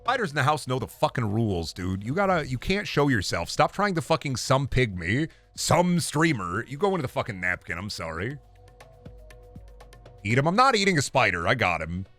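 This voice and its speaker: A man's voice: mid-range voice, sing-song, normal speed, fairly bright tone, soft background music. Rambling, profane male game streamer. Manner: profane, rambling, self-talking. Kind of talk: casual gaming stream commentary. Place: home streaming room. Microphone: close desk microphone.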